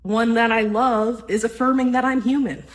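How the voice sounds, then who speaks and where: A woman hosts a spiritual self-help podcast, speaking earnestly and casually, often adding "right?" and the odd swear word. Her voice is on the high side, steady in tone and normal in speed, in a low-quality recording.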